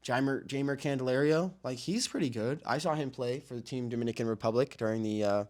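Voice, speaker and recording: A young man hosts a casual baseball show with an excitable, rambling delivery. He repeats himself and circles back to his points, and his voice sits at a middle pitch for a man. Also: fast talker. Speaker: sports podcast host.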